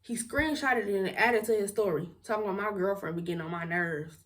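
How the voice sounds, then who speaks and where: Young woman vlogger, outspoken storyteller, mid pitch, set a little back from the mic. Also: brisk, fairly bright tone, far from the mic. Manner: outspoken, blunt, with frequent laughs and swearing. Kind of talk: casual storytelling to camera.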